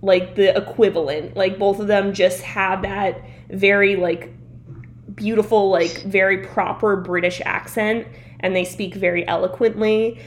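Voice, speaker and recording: A young woman co-hosting a podcast, chatting casually, rambling with lots of "like" and laughing often. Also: mid-range voice. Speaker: podcast co-host. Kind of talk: casual chat.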